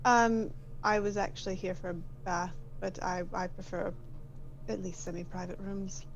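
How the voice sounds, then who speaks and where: A woman's voice: mid-range voice, level tone, moderate pace, gravelly, lo-fi sound, slight background noise. A woman playing in a tabletop game, wry and chatty, explaining things to the group. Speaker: player. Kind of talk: casual tabletop play.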